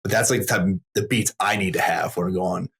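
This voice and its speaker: A man's voice: sits low, steady tone, quick pace, a bit bright, husky. A man hosting a podcast, reacting with enthusiasm and chatting casually with his guest. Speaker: podcast host. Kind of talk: casual conversational interview.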